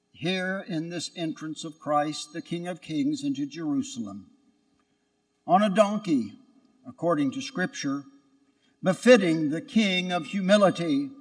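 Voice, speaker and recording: A male priest giving a Sunday sermon, telling a story in an earnest way. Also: on the high side. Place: church at Sunday Mass. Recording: long church reverb.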